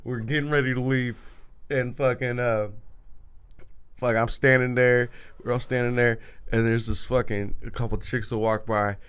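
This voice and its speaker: Bright-voiced man telling crude stories. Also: mid-range voice, little pitch movement, moderate pace, clear, resonant tone. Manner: crude, rambling, laughs while telling stories. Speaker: podcast co-host. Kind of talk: casual storytelling chat.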